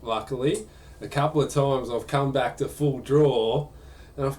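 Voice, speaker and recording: A man's voice: mid-range voice, fairly even intonation, normal speed, a little mellow. Chatty man streaming live. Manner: chatty, rambling, reads questions aloud. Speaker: gaming streamer answering viewer questions. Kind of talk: casual live chat.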